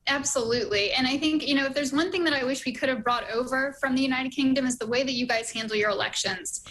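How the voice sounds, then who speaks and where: A woman speaking as a political commentator guest, quick, confident and fluent. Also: high voice, a bit bright, poor audio. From United States. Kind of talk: remote TV interview.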